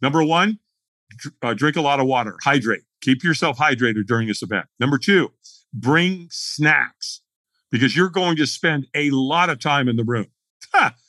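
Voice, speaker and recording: A middle-aged man telling his story as a podcast guest, animated and acting out the dialogue as he goes. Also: medium pitch, moderate pace, dry recording.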